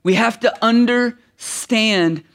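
A man's voice: extremely high pitch, slow, a bit bright. A middle-aged man preaching, telling a personal story that builds to emphatic preaching. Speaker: pastor. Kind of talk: sermon.

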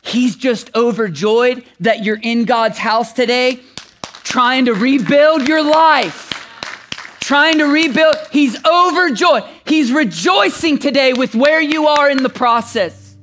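High-voiced man preaching a sermon. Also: slow pace, slight background noise. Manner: swings from shouting to hushed, intimate delivery. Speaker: pastor.

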